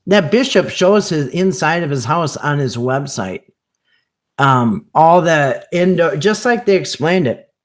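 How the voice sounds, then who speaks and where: A man hosting a live stream, talking casually in a rambling, animated way and answering viewers' comments by name. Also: on the high side. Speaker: channel host reading live chat.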